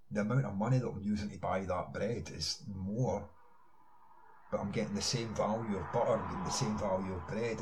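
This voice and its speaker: A man's voice: deep voice, low-quality recording. A man in a ranting online monologue, insistent, firing rhetorical questions and filling gaps with "you know". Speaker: online commentator.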